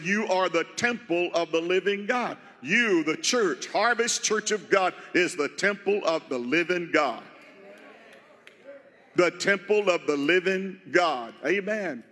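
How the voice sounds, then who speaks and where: A man's voice: high-pitched, pushed and bright, in a large hall. A man preaching a sermon as pastor of a church, emphatic and repeating key phrases to the congregation. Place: church sanctuary.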